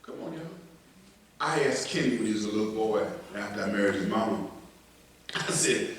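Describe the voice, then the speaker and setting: A middle-aged pastor preaching a sermon, swinging between loud emphasis and quiet asides. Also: male voice, fairly low pitch, fairly quick, a little hiss or hum. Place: church sanctuary. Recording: echoey church, voice from a distance.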